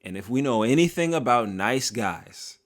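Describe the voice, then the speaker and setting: A man giving a casual, joking commentary monologue, full of slang and drawn-out asides, as a video creator. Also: mid-range voice, expressive.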